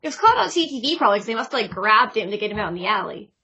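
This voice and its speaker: A woman's voice: medium pitch, very animated, racing, bright, forceful tone, slightly rough, muffled recording. A woman co-hosting a podcast in casual chat, retelling a manga chapter and reading its lines aloud. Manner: reads character dialogue aloud in a light, chatty way. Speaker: podcast co-host.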